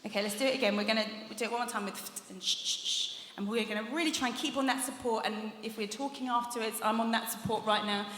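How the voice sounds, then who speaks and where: A woman's voice: on the high side, steady tone, fast, hardly any pauses, a bit bright, slight background noise. A young woman teaching a vocal workshop, chatty and encouraging, laughing often as she demonstrates exercises. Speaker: vocal coach leading a workshop. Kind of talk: live masterclass teaching. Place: large conference hall. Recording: echoey hall with long reverb.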